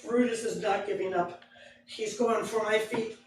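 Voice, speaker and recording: A woman with a medium-pitched voice speaks at normal speed, expressively acting out a story with voices for a live audience. The recording is noisy and very echoey from a far mic, with room ambience and laughter from the crowd.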